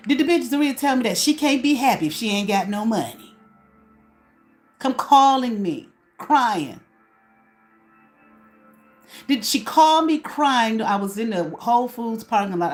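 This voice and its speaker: On her small channel, a woman rants at someone to camera, swearing and picking a fight while asking herself questions. Her voice is mid-range with a darkish tone.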